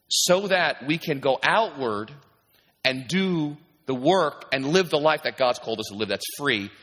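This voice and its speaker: A male pastor preaches in a relaxed, conversational way, often stopping to restart with "you know." His voice is bright and forceful, and a long reverb trails each phrase as it rings through a church hall. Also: medium pitch. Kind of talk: sermon. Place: church sanctuary.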